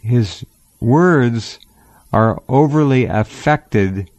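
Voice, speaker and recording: A man's voice: medium pitch, lively intonation, darkish tone, no echo. Dry, blunt male radio host. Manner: quick agreeing interjections, blunt opinions. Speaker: radio talk show host. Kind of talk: casual radio interview chat.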